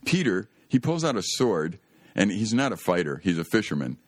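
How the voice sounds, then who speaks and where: Man, radio host, Christian talk, earnest emphatic storytelling, very low voice, dry studio sound. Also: very animated, moderate pace, dry recording.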